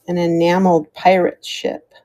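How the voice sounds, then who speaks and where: A woman's voice: lowish voice, completely flat delivery, normal speed, mellow. An American woman hosting a live jewelry sale, chatting casually as she shows pieces, calls out starting prices and thanks viewers by name. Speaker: live-stream jewelry seller. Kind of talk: live auction stream chat.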